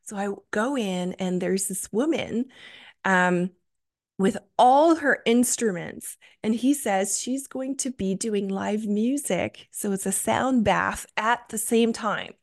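A woman's voice: medium pitch, slow. A young adult woman hosting a solo podcast, telling a story with gushing enthusiasm and many fillers. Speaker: podcast host.

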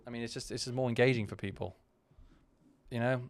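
A man's voice: mid-range voice, steady tone, brisk. A man hosting a podcast, giving casual, candid commentary on his own video in a rambling way full of restarts. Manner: candid and self-deprecating. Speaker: podcast host.

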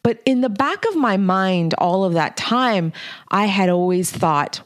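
In a casual, studio-quality podcast monologue with no echo, a middle-aged host who works as a leadership coach speaks bluntly and candidly, with some mild swearing. Her mid-range voice has lively intonation and a measured pace.

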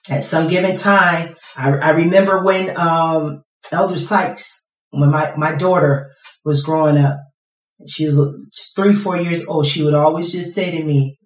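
A middle-aged woman preaching a sermon with passion, swinging from quiet to shouting. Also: low-pitched. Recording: echoey hall from far off.

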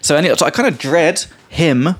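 A man's voice: fairly high pitch, fairly quick. A young man hosting a casual teaching chat, rambling with many fillers and explaining words as he goes. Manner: rambling, lots of fillers, laughs, mimics voices. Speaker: podcast host, English teacher.

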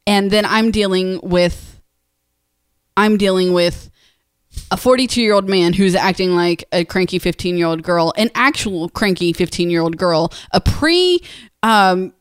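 A woman's voice: lowish voice, measured pace, smooth, dry recording, clean studio sound. A woman co-hosting a podcast, talking in a frank, matter-of-fact way. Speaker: podcast co-host. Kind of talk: casual chat.

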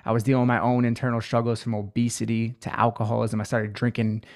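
A man's voice: medium pitch, little pitch movement, quick pace, a little mellow. A man in his twenties, a guest on a podcast, telling his life story in an earnest, reflective way. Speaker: podcast guest, healing coach. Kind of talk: personal story in an interview.

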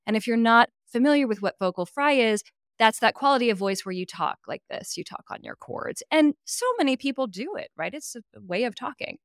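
A woman from California, a voice coach talking in a podcast interview, expressive and emphatic, often adding "right?" asides. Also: a little high, a little fast, no echo, clean studio sound.

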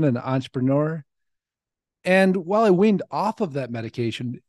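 A man's voice: mid-range voice, a little mellow, no room sound, studio quality. A man in his forties, hosting a podcast, telling his life story in an earnest, reflective way. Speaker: podcast host. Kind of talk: personal storytelling monologue.

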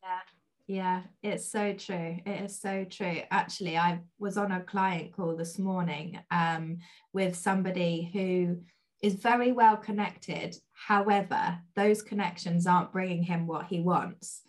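A woman's voice: lowish voice, fairly even intonation, measured pace. A woman hosting an interview podcast, affirming her guest and asking follow-up questions with enthusiasm. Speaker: podcast host. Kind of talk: conversational interview.

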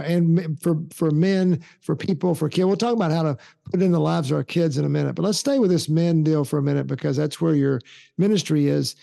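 Gravelly host with halting questions. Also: male voice, on the high side, dark tone. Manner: halting, filler-heavy questions. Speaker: podcast host. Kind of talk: interview questions.

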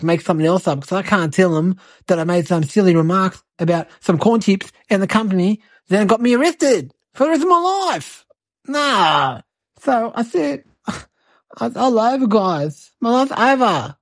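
At a moderate pace and medium pitch, the woman gives an animated turn as a cheeky eight-year-old host telling rambling, exaggerated tall tales. The comic monologue is excitable and breathless, full of childlike exaggeration, with no room sound.

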